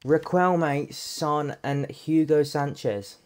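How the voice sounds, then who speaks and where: A young man commentating his own football video game, sweary, excitable and full of jokey banter. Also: fairly high pitch, slow pace. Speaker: gaming YouTuber. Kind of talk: live gameplay commentary.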